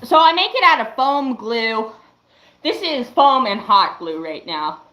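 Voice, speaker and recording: A young woman in her late teens chatting casually on a livestream, showing her craft work in a slow, hesitant way with lots of "um"s. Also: a little high, animated, pushed and bright, echoey room, poor audio. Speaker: livestreamer and fursuit maker.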